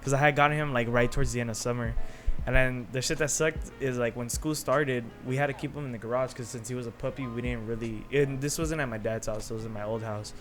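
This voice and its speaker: A man's voice: mid-range voice, fairly even intonation, fast talker, faint music behind. A young man co-hosting a podcast, telling stories in casual chat, swearing freely and laughing often. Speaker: podcast co-host.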